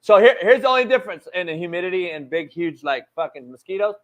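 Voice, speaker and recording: A man hosting a sports talk show, chatting in a loud, profane and excitable way. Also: sits high, fast. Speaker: sports show host and coach. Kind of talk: casual talk show interview.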